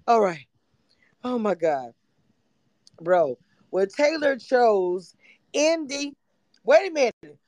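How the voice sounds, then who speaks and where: A woman hosting a livestream, chatting animatedly and excitably about a reality show, sometimes breaking into shouts and laughter. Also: a little high, drawn-out words, long pauses, no room sound. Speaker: livestream host. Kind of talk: casual reality-TV recap chat.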